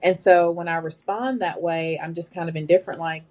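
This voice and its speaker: A woman's voice: on the low side, brisk, hardly any pauses. A woman guest telling work stories in casual conversation, quoting the people involved as she goes. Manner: animated, quotes people in their own voices. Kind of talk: conversational storytelling.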